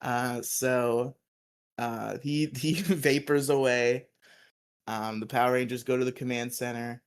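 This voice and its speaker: A man in a casual podcast recap, his voice sitting in an ordinary middle pitch. He tells the story loosely and chuckles often along the way. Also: fairly even intonation, unhurried, clear, resonant tone. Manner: laughs often, quotes characters in put-on voices. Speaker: podcast co-host.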